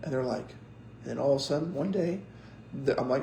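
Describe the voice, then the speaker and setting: A young man with a gravelly edge preaches in a relaxed, storytelling way. He acts out the voices of the people in his stories. A faint hiss sits under the recording. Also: medium pitch, fairly quick, echoey room, poor audio. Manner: animated storyteller acting out quotes. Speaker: pastor. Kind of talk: casual sermon storytelling.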